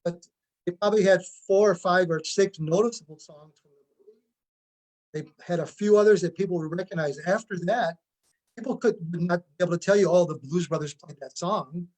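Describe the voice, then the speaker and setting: A man with a high-pitched voice talks through his band's music in an explanatory way. He lays out each point at length in relaxed interview chat. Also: a little fast. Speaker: tribute band musician.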